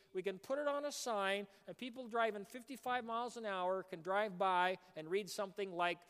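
A man preaching a sermon as pastor, animated, breaking into shouts, in a church. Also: sits high, smooth. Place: church sanctuary. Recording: long hall reverb.

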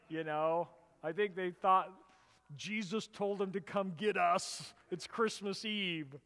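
High-voiced pastor preaching in an echoing hall. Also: male voice, measured pace. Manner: animated storytelling, rising to loud emphatic bursts. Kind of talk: sermon. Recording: reverberant hall.

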